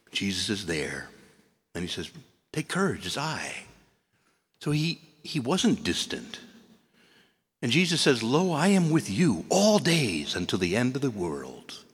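A priest giving an animated, storytelling sermon in a church, acting out the figures he describes. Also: medium pitch, breathy edge. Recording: long church reverb.

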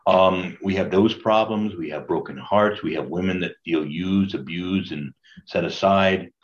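An older priest leads a Bible study in a chatty, conversational way and keeps asking his group questions. His voice sits a bit low, and the recording is dull and lo-fi. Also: a little slow.

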